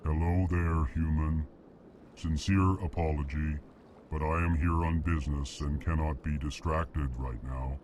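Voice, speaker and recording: An actor voicing a huge, formal male alien ambassador who names each emotion before he speaks, in a flat delivery. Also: rumbling low, a little slow, noisy background. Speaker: diplomat. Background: game music.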